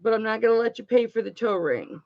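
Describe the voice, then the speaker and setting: A woman's voice: fairly high pitch, lively intonation, quick pace, gravelly, lo-fi sound. A woman hosting a jewelry auction livestream, chatting casually and affectionately with viewers and calling them honey and baby.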